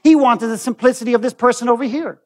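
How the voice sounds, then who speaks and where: High-voiced Irish man telling a story. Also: fast. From Ireland. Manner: storytelling, acting out dialogue. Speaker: speaker on stage. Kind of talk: storytelling talk. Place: stage.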